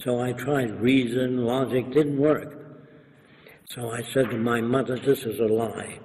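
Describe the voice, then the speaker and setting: Slipping into other people's voices, an older New Yorker in an interview delivers anecdotes like a lecture. His mid-range voice is steady, unhurried and darkish. Faint hiss and room echo sit in the recording.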